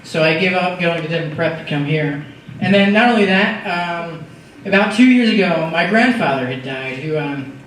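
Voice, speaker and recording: A teenage boy giving a heartfelt, halting speech to his school, full of "you know" fillers. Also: a little high. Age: teens. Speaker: student giving a farewell speech. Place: large school hall or auditorium. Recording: echoey distant hall mic with noise.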